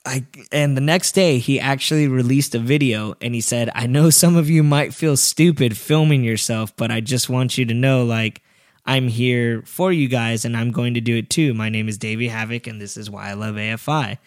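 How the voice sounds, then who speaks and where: Male podcast co-host, animated storyteller, mid pitch, dry sound. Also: normal speed, no room sound. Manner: animated storyteller, acts out quotes in a high quivering voice. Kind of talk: casual chat.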